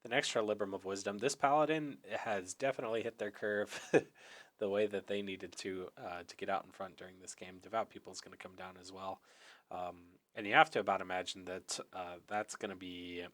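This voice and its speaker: A hoarse young man calls a card game match on his own, in a slightly low voice. He talks in a loose, chatty way, full of small fillers as he reads the board. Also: fairly even intonation, brisk, a bit bright. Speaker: esports caster. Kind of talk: solo play-by-play commentary.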